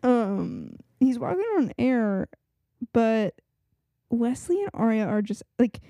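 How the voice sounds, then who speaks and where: A woman's voice: fairly high pitch, sing-song, slow pace, mellow, no echo. A young woman co-hosting a podcast, chatting about a TV episode in detail, with lots of filler words. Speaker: podcast co-host. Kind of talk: casual chat recapping a TV episode.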